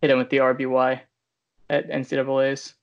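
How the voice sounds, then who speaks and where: A man's voice: mid-range voice, monotone, brisk, creaky. A man co-hosting a casual podcast, chatting in an easygoing, dry way. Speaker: podcast co-host. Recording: dull lo-fi podcast mic.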